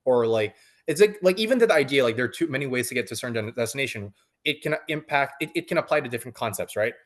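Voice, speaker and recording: A man's voice: medium pitch, animated, rapid-fire. A man in his thirties, a coaching client, talking casually in an interview with many fillers and restarts.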